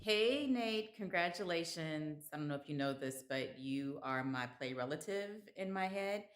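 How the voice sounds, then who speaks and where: A woman's voice: low-pitched, lively intonation, normal speed. A woman giving a casual, friendly and playful video congratulation to a fellow award winner. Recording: roomy, echoey recording.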